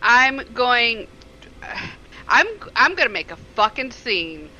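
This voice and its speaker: A woman's voice: fairly high pitch, expressive, slow pace, lo-fi sound, slight background noise. A woman playing a tabletop game, dramatic and prone to making a scene. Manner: dramatic, loud when in character. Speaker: player.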